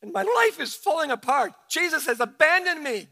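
A man's voice: very high-pitched, sing-song, a little fast, vocal fry, breathy edge, dry recording, heavily acted. A man preaching, voicing a desperate, grieving father who angrily accuses Jesus of abandoning him. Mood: despairing. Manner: pleading, accusing, rising to a shout. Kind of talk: sermon.

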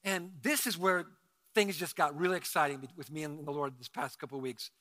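A male pastor preaching a sermon in a conversational way, breaking into loud emphatic bursts. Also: on the high side, fairly quick, in a large hall.

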